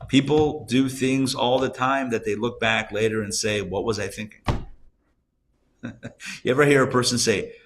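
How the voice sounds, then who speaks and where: Rabbi, man, live class lecture, bright and lively, light hiss. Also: mid-range voice, a little slow, long pauses. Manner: animated, conversational, asks rhetorical questions. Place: class around a table, indoors.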